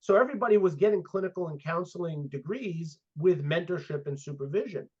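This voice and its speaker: A man in his fifties talks through his career as a guest psychologist, acting out quoted conversations as he goes. His voice sits a little high for a man. The audio is muffled and lo-fi. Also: brisk. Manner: animated storyteller, acts out quoted dialogue. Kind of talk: casual interview storytelling. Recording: dull lo-fi audio.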